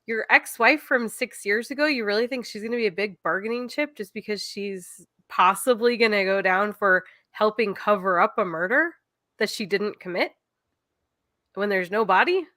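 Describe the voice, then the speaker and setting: A woman's voice: medium pitch, moderate pace, pushed and bright, no room sound. A woman co-hosts a podcast, pressing her argument in easy chat and laughing often. Her voice sits in a middle range. The recording is dry and close. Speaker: podcast co-host. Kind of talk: casual chat.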